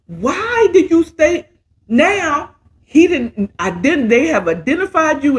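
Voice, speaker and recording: A woman's voice: sits high, pitched above the performer's own voice, heavily acted. A woman voicing a frustrated young man who lectures his friends for a blunder, in a raised, exasperated tone.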